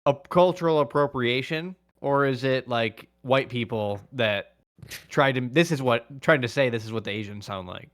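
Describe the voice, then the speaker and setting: A man's voice: medium pitch, moderate pace, a bit bright. A man chatting playfully on a podcast, hesitant and full of "like" and "um". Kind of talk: casual chat.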